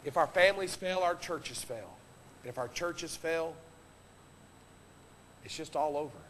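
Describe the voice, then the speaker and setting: A man preaching a sermon from the pulpit, impassioned, swinging between loud exhortation and hushed earnest tones. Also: a little high, animated, measured pace, slight background noise. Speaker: pastor. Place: church sanctuary. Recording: long reverb of a church hall.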